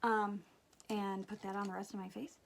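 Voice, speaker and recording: A young woman, chatting and telling a story while doing her makeup, animated and swearing casually. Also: mid-range voice, moderate pace, gravelly, background noise. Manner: animated, swears casually, drops to whispers at times. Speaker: beauty vlogger.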